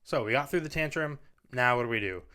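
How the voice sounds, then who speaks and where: His medium-pitched voice is fast, pushed and bright, with a clear, resonant tone. He's a parenting video host at a studio microphone, giving laid-back advice in an earnest, wandering style full of "you know"s.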